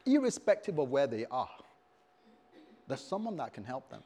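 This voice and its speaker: A male pastor preaching a sermon in a church service, humorous and animated, calling out to the congregation. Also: medium pitch, normal speed, breathy edge.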